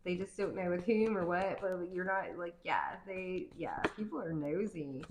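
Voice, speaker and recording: A chatty woman reads tarot cards in a slightly low voice and rambles from thought to thought with plenty of fillers. She sounds playful and easygoing. Her voice carries an echo from the room. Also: lively intonation, normal speed, background noise. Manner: playful, laughs easily. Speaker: tarot card reader. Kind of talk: casual tarot reading.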